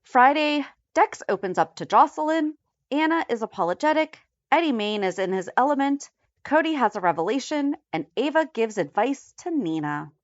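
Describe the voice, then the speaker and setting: A chatty woman co-hosting a fan podcast. Her pitch moves a lot as she talks, and she rattles through lists in a quick, matter-of-fact way. The sound is dry and a little dull. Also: sing-song, dry recording. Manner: chatty, reads episode headlines in a quick list. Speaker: podcast co-host. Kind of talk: casual recap chat.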